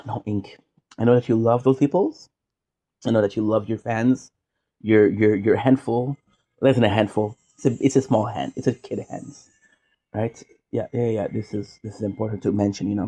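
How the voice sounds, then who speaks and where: This Quebec streamer has a warm, steady voice on the low side with a breathy edge, and he talks fairly quickly. His casual monologue rambles along with plenty of jokes and wanders into tangents.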